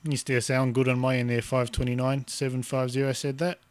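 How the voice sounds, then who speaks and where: A calm Australian man working a base radio station, steadily repeating call signs. His voice sits at an ordinary male pitch. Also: brisk. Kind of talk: shortwave radio chatter.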